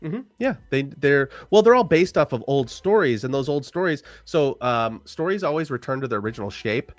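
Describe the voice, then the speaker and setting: A podcast guest in a casual conversation tells stories with animation, swearing freely and acting out the quotes. His voice is mid-range, his delivery a little fast, and the recording has no room sound.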